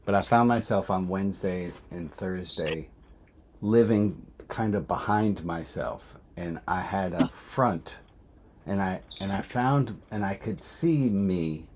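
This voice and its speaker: A man's voice: low-pitched, slow, noisy background. A man who is a rabbi, telling a candid personal story in a self-reflective way, often restarting his sentences.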